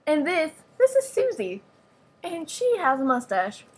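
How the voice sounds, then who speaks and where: A woman's voice: sits high, wildly swooping pitch, unhurried. A woman giving a playful, mock-serious show-and-tell of a toy, with giggles and sarcastic asides. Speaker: vlogger showing off a toy.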